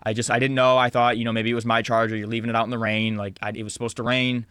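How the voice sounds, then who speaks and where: A man's voice: mid-range voice, fairly even intonation, fast, no echo, studio quality, pitched below the performer's own voice, lightly acted. A man putting on the voice of his irritated middle-aged father, who snaps and complains. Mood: calmed down. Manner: snappy, complaining.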